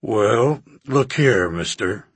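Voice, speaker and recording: A guarded, wary country doctor speaks in a deep, unhurried drawl, voiced by a man reading an audiobook. The voice is husky and raspy. The recording is close and dry, with no room sound. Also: lively intonation, no room sound, exaggerated voice. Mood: gruff. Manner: slow, stubborn, guarded. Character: drawling, suspicious older male country doctor.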